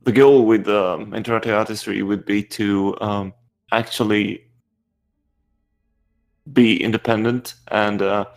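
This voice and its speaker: A man co-hosting a podcast, speaking in a slow, hesitant, thoughtful way. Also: lowish voice, fairly even intonation, creaky, faint music behind. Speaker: podcast co-host. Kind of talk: casual chat.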